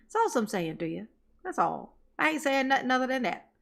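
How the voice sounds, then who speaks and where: A woman with a bright, fairly high voice talks over a clip in casual, sarcastic commentary. Her tone is mocking and teasing, and she often breaks into laughter. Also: very animated, a little fast, vocal fry. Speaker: commentary streamer.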